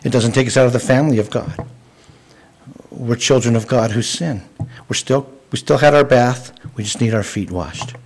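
A man's voice: medium pitch, normal speed, rough recording. A man preaching a sermon in an earnest, conversational way, often restarting his sentences. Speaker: pastor.

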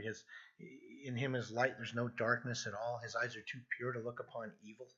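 A husky man delivers an expository sermon with earnest emphasis, often restarting phrases as he builds a point. His tone is bright and forceful. The recording sounds dull and lo-fi. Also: mid-range voice. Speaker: pastor.

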